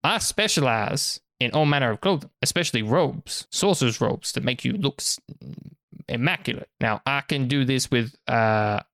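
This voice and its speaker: A man's voice: medium pitch, moderate pace, fairly bright tone, dry recording, clean studio sound, natural voice. A man voicing an eager male clothing merchant with pushy sales patter. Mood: persuasive.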